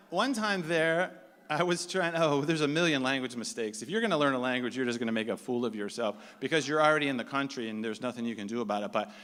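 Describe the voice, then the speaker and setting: A middle-aged man telling a self-mocking comic story live, animated and laughing along. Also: mid-range voice. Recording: echoey hall, faint room noise.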